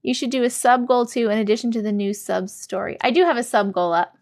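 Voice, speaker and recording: A woman's voice sitting a little higher than most, bubbly and effusive as she hosts a casual live stream. She reads comments aloud and answers viewers directly, in a loose, chatty way. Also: quick pace.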